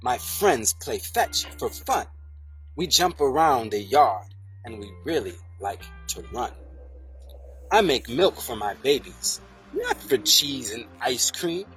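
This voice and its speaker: A reader reading a children's picture book aloud in a slow, sing-song way. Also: medium pitch, big pitch swings, a bit bright, soft background music. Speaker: storybook reader.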